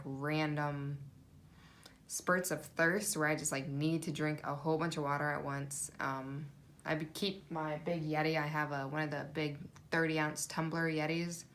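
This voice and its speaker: A woman's voice: deep voice, fairly bright tone, slight background noise. A woman chatting casually in a vlog, rambling with lots of fillers and restarts. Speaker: vlogger. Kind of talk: casual pregnancy update vlog.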